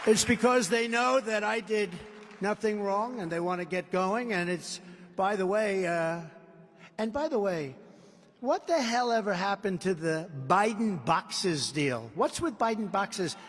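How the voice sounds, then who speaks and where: A combative older man from the United States speaks at a podium in his seventies, with a voice pitched high for a man. He repeats his points and boasts as he campaigns. A long reverb from the big indoor venue trails each phrase. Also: unhurried, fairly bright tone, some chatter behind. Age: 70s. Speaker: political candidate. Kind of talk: campaign rally speech. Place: large indoor rally venue.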